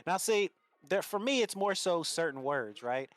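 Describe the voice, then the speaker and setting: A guest on a livestream, this man from Louisiana has a light Cajun accent and a high, expressive voice at a normal pace. He chats bluntly and swears casually, with no echo in the audio.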